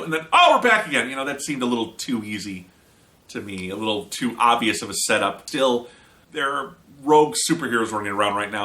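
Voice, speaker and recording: American dude ranting about a film, chatty and snarky, clear bright voice. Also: male voice, lowish voice. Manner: chatty, opinionated, sarcastic asides. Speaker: movie reviewer. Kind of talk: casual spoken review.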